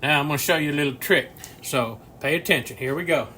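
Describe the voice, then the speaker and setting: Speaking fast in a slightly high voice that sounds pushed and bright, a sixty-something man hosts a home cooking video from his kitchen. He wanders through folksy stories and chuckles frequently. Slight background noise can be heard.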